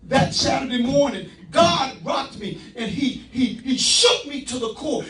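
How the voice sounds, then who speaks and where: A man's voice: very high voice, a little slow, fairly bright tone. A man giving impassioned personal testimony at a city council meeting, telling his story earnestly and building to fervent emphasis. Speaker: speaker giving public testimony. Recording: echoey room from far off.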